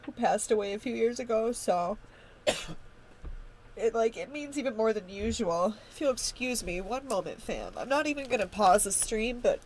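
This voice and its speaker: A woman's voice: fairly high pitch, animated, moderate pace, slight background noise. A woman in a band hosting a casual livestream chat with fans, effusive and emotional, often laughing as she talks. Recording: music playing behind the voice.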